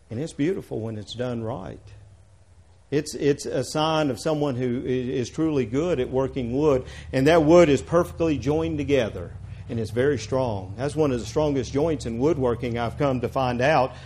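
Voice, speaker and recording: A man preaching a sermon, talking in a conversational way and asking the congregation questions, swinging from quiet asides to emphatic passages. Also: medium pitch.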